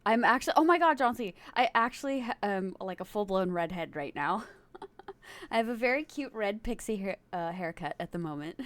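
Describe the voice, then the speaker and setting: A woman's voice: medium pitch, animated, a little slow, dry recording. A young woman streaming, chatting casually with her viewers, giggling often and rambling from one thought to the next. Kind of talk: casual chat with live chat.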